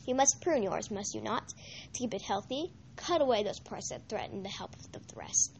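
Woman reading as menacing male dark lord, cold, slow, quiet, mocking, storybook reading. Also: mid-range voice, very animated, vocal fry, background noise. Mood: cold mockery.

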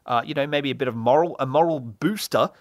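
A young man hosts a solo comedy podcast, talking fast in a mid-range voice. The studio-quality recording has no room sound, and he rambles and mocks himself, full of fillers and laughs.

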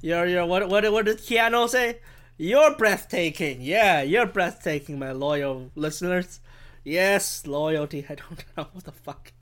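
Speaking at a medium pitch in an unhurried, fairly bright tone, a podcast host goes on a rambling, profane, self-deprecating solo rant. He's at home in Vancouver, and his handheld microphone is held a bit too far from his face.

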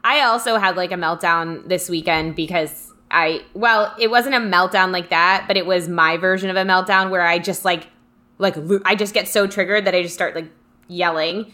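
A woman's voice: on the low side, moderate pace, sharp tone. A young woman co-hosting a casual podcast chat, speaking in a reflective, chatty way full of "like". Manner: reflective, chatty, many "like" fillers. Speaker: podcast co-host.

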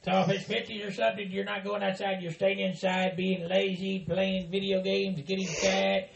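A man hosts a casual podcast in a rambling, teasing hillbilly persona. His voice sits high for a man and has a gravelly edge. The recording is roomy and echoey, with faint music underneath. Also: little pitch movement, moderate pace, dull audio, slight background noise. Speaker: podcast host.

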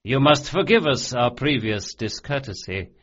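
A man voicing a courteous yet quietly threatening older crime lord in an audiobook, with a lively, measured delivery on a dull lo-fi recording. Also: mid-range voice. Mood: suave, menacing. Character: smooth, menacing older male crime lord.

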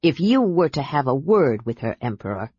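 A reader voicing a hot-tempered male warlord who speaks carefully and low. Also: big pitch swings, normal speed, husky, no room sound, highs cut off. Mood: cautious.

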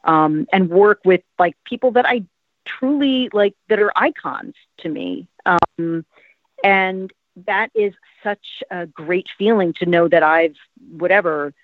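A woman's voice: on the low side, takes it slowly, no echo. A woman in her fifties from South Jersey, an actress talking in a casual interview, rambling with lots of "like" and "um". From South Jersey, USA. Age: 50s. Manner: rambling, many "like" and "um" fillers. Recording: tinny, phone-like, dry sound.

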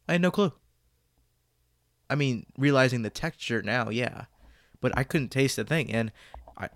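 A man's voice: medium pitch, fairly bright tone, dry recording. A young man of seventeen with a stuffy, congested voice from a cold, chatting casually on his solo podcast, rambling and joking about his own stalling. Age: late teens. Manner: rambling, self-aware, jokey about stalling.

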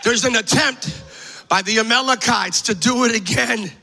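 A man preaching a sermon with passion, repeating phrases, joking in asides and building up to shouts. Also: extremely high pitch, moderate pace.

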